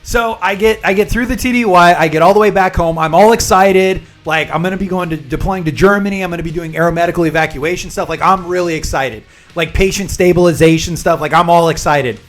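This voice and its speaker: A man streaming live, chatting with viewers and rambling through a long personal story, pausing to explain terms. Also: high voice, soft background music.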